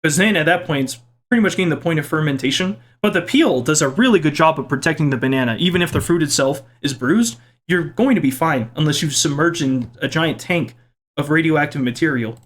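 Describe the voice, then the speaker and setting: A man's voice: expressive, a bit bright. A young man casually reading out and joking about viewer comments in his video, with a playful, self-mocking manner. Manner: playful, self-mocking, quick swings in pitch. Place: home kitchen.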